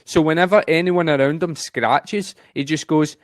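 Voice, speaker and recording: A Scottish man co-hosting a podcast, telling stories fast in a casual, animated way. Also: fairly high pitch, no echo, clean studio sound. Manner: animated storyteller, fast talker. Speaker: podcast co-host. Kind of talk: casual chat.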